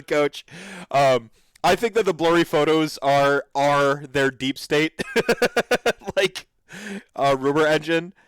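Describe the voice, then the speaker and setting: A man's voice: mid-range voice, clear, resonant tone, dry recording. A man hosting a podcast, reacting to videos in an enthusiastic, rambling way with lots of fillers. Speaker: podcast host. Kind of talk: casual commentary reacting to videos.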